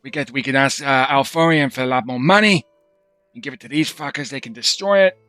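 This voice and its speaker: A man's voice: mid-range voice, a little fast, pushed and bright, no room sound, faint music behind. A man playing a tabletop game, talking loosely and casually in character. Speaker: player voicing Withers.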